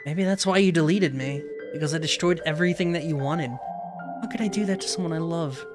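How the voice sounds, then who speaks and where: A man's voice: fairly high pitch, animated, moderate pace, over music. A man reading aloud the lines of a heartbroken young woman who is the AI president of a club in the game, in his own voice. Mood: remorseful.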